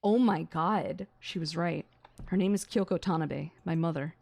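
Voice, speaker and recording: A young adult woman streamer reading a visual novel aloud on a gaming stream, excitable and swearing between gasps and laughs. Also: lowish voice, moderate pace, vocal fry.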